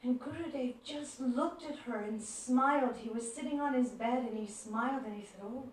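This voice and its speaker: Gentle woman storyteller in an echoey room. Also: a little high, moderate pace. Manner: gentle storyteller who acts out quoted voices. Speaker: devotional speaker. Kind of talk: spiritual talk with stories. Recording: echoey room, far from mic.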